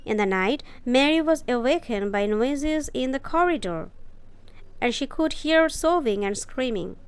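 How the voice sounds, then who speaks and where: A woman reads a storybook aloud for English learners, slowly and with deliberate care. Her voice sits somewhat high and sounds smooth and crisp, recorded close and dry. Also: expressive. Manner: careful, deliberate reading with brief explanations.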